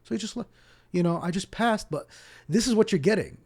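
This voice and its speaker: A man from Palestine's West Bank, a guest on a podcast, telling stories in an animated way and acting out the people in them. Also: high-pitched, brisk, husky. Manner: animated, acts out dialogue, repeats words when starting sentences. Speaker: podcast guest, Islamic teacher. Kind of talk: casual storytelling interview.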